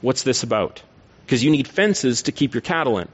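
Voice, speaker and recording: A man's voice: mid-range voice, very animated, normal speed, slightly rough, dull audio. A man voicing a blunt, opinionated Canadian farmer who questions things in disbelief. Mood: incredulous.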